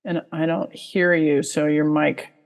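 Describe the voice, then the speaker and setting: A woman's voice: sits low, steady tone, unhurried, creaky, big-room sound. A woman giving a casual online talk as a guest expert, chatty and full of fillers, now and then acting out inner voices. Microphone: video call mic.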